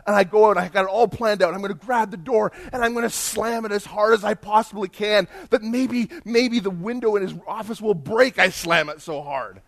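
A male pastor telling a story in a sermon, animated and emphatic, acting out the dialogue. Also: high-pitched, brisk, few pauses.

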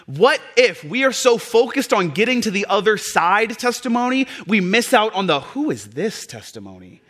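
Male pastor, slightly high voice, bright tone, swings from hushed to fired-up preaching. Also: big pitch swings, normal speed. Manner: builds from hushed to loud, passionate preaching. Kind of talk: sermon.

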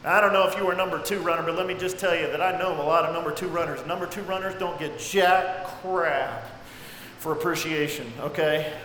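A man preaching a sermon, swinging dramatically between near-shouts and hushed, low passages. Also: brisk. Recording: echoey hall with faint noise.

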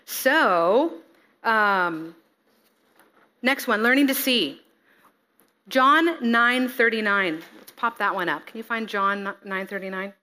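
A woman preaching a sermon, reading scripture and acting out the figures with lively expression. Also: mid-range voice, slow, long pauses. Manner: expressive, acts out scripture figures, laughs at herself.

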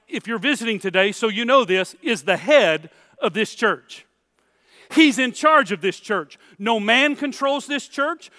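A man preaching a sermon in church with a very high, bright, ringing voice. He is emphatic and drives his points home by repeating phrases. The sound is dry and close. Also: no echo. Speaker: pastor.

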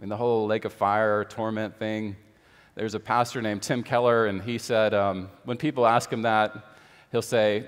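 A man's voice: on the low side, fairly even intonation, normal speed, clean tone. Guy pastor preaching loose and chatty, lots of um and right?, big church reverb. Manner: conversational preaching with fillers and rhetorical questions. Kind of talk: sermon.

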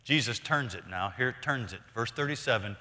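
A man's voice: medium pitch, animated, fairly quick, sharp tone, in a large hall. A middle-aged male pastor preaching a sermon in a conversational, storytelling way, asking the listeners questions.

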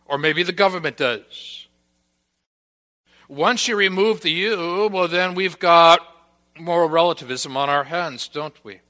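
A male pastor delivering a sermon at an unhurried, measured pace. His voice sits a little high for a man and has a bright, forceful edge. He lands his emphasis firmly on repeated words, building point by point. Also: in a large hall. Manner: deliberate, emphatic preaching with stressed repeated words.

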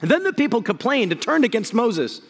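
Animated high-voiced preacher man. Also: normal speed, long reverb tail. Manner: energetic, jokey, swings from loud excitement to hushed. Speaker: pastor. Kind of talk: sermon.

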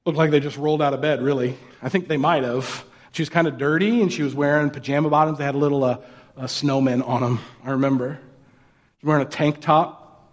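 A man's voice: on the high side, fairly even intonation, quick pace. Conversational male pastor preaching. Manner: conversational, rhetorical questions, mocking put-on voices for quotes. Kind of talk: sermon.

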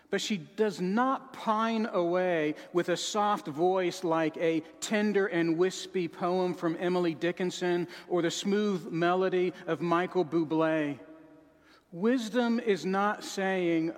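A man preaching a sermon with dramatic swings, dropping to a soft sorrowful voice and rising to shouts. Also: sits high, slow pace, in a large hall.

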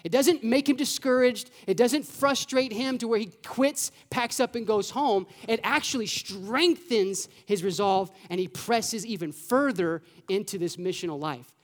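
In a church sanctuary, a pastor with a medium-pitched voice preaches a sermon to the congregation in a lively, conversational way. He uses rhetorical questions, casual fillers, and quick asides.

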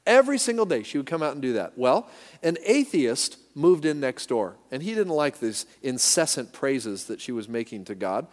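A man's voice: medium pitch, big pitch swings, moderate pace. A man preaching a sermon with emphasis, leading his congregation to repeat lines back. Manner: emphatic, leads call-and-response. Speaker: pastor. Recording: echoey hall reverb.

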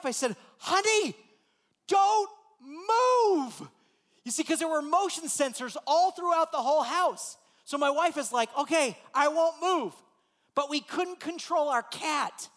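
A man, a pastor, telling a lively personal story in a sermon and acting out the voices in it. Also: very high-pitched. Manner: animated, acts out voices in his story.

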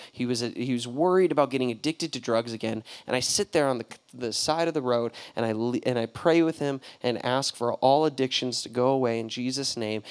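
A young male pastor telling a story in a sermon, animated and laughing, acting out the voices in the dialogue. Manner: animated, laughing, acts out quotes with sudden high jumps in pitch.

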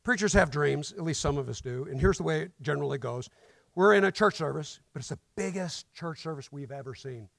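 A man preaching a sermon to a congregation, telling stories in a conversational way with rhetorical questions and building to loud emphasis. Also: a little high, lively intonation, brisk, vocal fry, no echo. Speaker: guest preacher. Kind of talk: sermon with storytelling. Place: church.

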